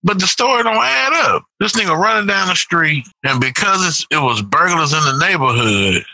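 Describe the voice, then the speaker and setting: Male co-host, very bright voice, lively swinging pitch, casual banter. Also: normal speed, vocal fry, no room sound, rough recording. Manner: loose and animated, laughing often. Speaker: podcast co-host. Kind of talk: casual chat.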